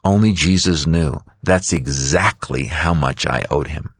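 A man voicing a desperate young single mother, quoting her in a low, heavy, pleading tone. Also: unhurried, husky, dry recording, full character voice.

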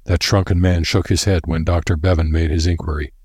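A man reads a story aloud in a measured, steady manner. His voice is deep with a husky grain, and the recording is dry and close with no room sound. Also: dry recording. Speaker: narrator. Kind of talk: scripted narration.

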